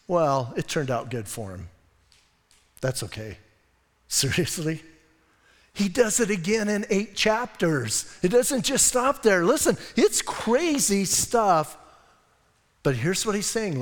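Animated preacher in a church hall. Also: male voice, high-pitched. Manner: animated, acts out voices of people in the story. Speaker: pastor. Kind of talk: sermon.

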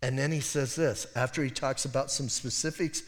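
A pastor delivering an expository sermon in a conversational way, breaking off into wry asides and correcting himself. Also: male voice, medium pitch, fairly even intonation, moderate pace, long reverb tail. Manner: conversational, self-interrupting preaching with wry asides.

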